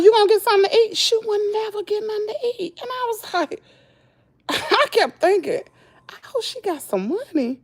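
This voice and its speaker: A Southern American woman vlogger telling a story in casual chat, acting out what people said and laughing often. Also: high voice. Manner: animated storytelling, acts out quotes, frequent laughter.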